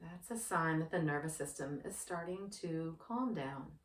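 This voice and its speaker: A woman who works as a yoga therapist, guiding a breathing practice in a slow, gentle, soothing manner. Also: sits low. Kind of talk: guided breathing instruction. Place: indoor room with yoga mat. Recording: roomy, distant from the mic.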